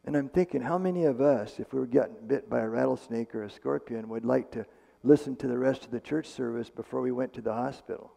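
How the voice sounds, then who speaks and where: Man, gravelly voice, husky, medical missionary telling a testimony, conversational, echoey church hall. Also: mid-range voice, fast, warm tone. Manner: conversational, retells dialogue, many restarts and fillers. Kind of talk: storytelling testimony.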